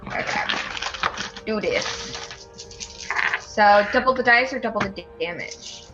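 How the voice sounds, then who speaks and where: A woman playing in a tabletop game, talking slowly and hesitantly with many ums. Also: mid-range voice, lively intonation, lo-fi sound, over music. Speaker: player. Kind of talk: casual tabletop play.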